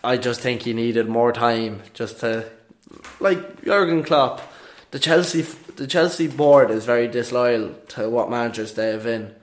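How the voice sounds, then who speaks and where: A man's voice: mid-range voice, a little slow. A man co-hosting a casual football podcast, opinionated and emphatic. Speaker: podcast co-host.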